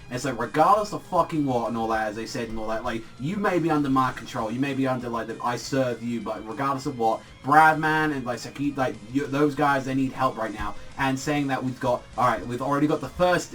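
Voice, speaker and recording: A man's voice: medium pitch, fairly bright tone, recorded from a distance. A young British man reviewing manga in a casual vlog, rambling and swearing, with lots of fillers. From Britain.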